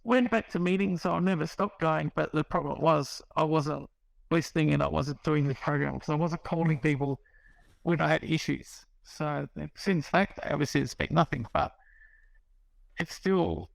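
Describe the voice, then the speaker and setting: Middle-aged aussie bloke rambling through his story, slightly high gravelly voice, dry close sound. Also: no room sound, low-quality recording. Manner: rambling, restarts, acts out quoted dialogue. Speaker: guest sharing recovery story. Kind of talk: casual storytelling.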